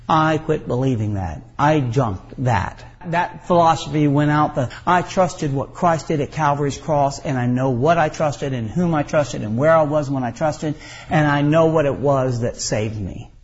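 Male pastor, high tenor, emphatic folksy sermon, dull lo-fi recording. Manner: folksy, emphatic preaching with rising outbursts.

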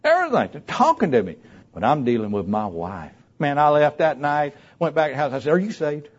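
An older preacher delivers a folksy sermon, his voice leaping all over, from quiet low musings to shouted high peaks. He sits a little high for a man, and the recording sounds dull and lo-fi. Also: expressive, brisk, breathy edge. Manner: folksy storytelling, swinging between soft low talk and shouted high peaks.

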